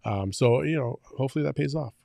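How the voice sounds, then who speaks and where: A man in casual sports chat who starts and restarts his thoughts and laughs easily. His voice sits at an ordinary pitch. It is recorded dry and close with little room sound. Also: quick pace, gravelly, mellow, dry recording. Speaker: co-host.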